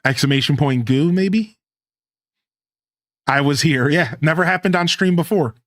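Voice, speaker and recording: A man live-streaming a modded life-sim game, chatting casually to his viewers and himself in a relaxed, slangy way. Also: a little high, measured pace, no echo.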